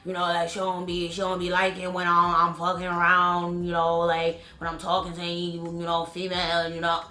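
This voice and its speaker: A sheepish young man who mumbles low and soft, hedging every phrase with filler words, as a woman puts him on. He sounds bright and a little tense. The room adds an echo. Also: monotone, moderate pace. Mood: evasive mumbling. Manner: low mumble full of "you know" and "like". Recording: roomy echo.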